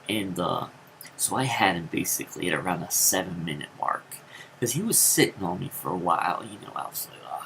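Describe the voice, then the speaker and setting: A man telling a rambling story in a casual vlog, with many fillers and sudden jumps into high acted quotes. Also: vocal fry, fairly bright tone, a little hiss or hum, low-quality recording. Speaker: vlogger.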